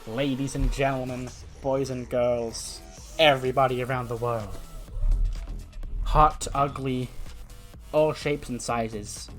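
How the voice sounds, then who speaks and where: A man voicing a brash female wrestler cutting a slow, drawn-out promo. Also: medium pitch, steady tone, fairly bright tone, faint music behind. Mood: showy.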